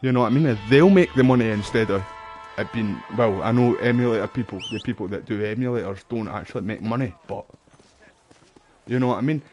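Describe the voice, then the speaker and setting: A man's voice: fairly low pitch, fast talker, darkish tone, soft background music. A man, chatting casually and rambling as he plays a video game. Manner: rambling and chatty, lots of "mate" and "you know". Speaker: gaming streamer. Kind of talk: casual chat over gameplay.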